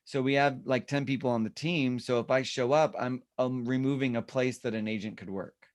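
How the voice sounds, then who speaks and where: A man's voice: mid-range voice, steady tone, moderate pace, dry recording, studio quality. A man leading an online real estate class from his home office, chatty and rambling, over a video call. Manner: chatty, rambling, self-deprecating.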